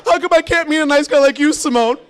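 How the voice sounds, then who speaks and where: A man's voice: very high-pitched, quick pace, voice pushed up. A man voicing a young female friend who complains about men, in a whiny, pleading tone. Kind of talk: stand-up comedy impression.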